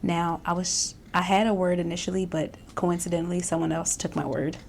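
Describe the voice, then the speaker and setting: A woman vlogger chats casually in a lowish, gravelly voice, circling back on her words with fillers and restarts. Faint noise sits under the recording. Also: level tone, a little fast, darkish tone. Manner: chatty, self-reflective, many fillers and restarts, laughs often. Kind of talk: casual reflective chat.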